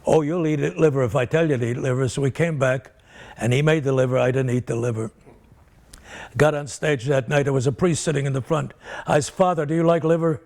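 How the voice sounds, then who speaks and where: Speaking briskly in a mid-range, fairly even voice with a slightly mellow quality, an older comedian rambles through career stories during an interview, impersonating the people he describes.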